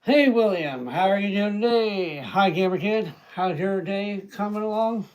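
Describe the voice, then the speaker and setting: A man hosting a casual livestream, chatting and greeting viewers by name, with hesitant fillers and frequent throat-clearing. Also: sits high, lively intonation, a little slow, a little mellow, rough recording. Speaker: livestream host.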